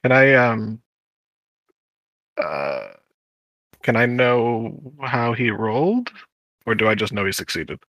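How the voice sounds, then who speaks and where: Bright-toned man questioning the rules. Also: mid-range voice, very animated, takes it slowly, pauses often, dry recording. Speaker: player. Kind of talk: playing a tabletop game.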